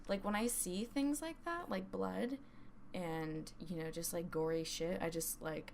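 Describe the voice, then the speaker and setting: A woman's voice: on the low side, measured pace, gravelly, a little hiss or hum. A young woman co-hosting a casual podcast who tells stories with constant "like" fillers and nervous laughter. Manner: giggly, storytelling, says "like" constantly. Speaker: podcast co-host. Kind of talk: casual chat.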